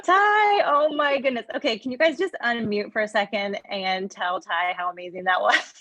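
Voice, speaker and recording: A woman's voice: medium pitch, moderate pace, sharp tone, dry recording, low-quality recording. A woman hosting a group video call, bubbly and effusive, filling her talk with "like" and laughter.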